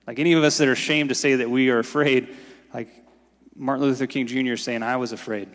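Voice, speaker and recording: A man's voice: medium pitch, fairly even intonation, fast talker. A man preaching a sermon as pastor in a casual, conversational way, often saying "like". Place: church sanctuary. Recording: long reverb in a large hall.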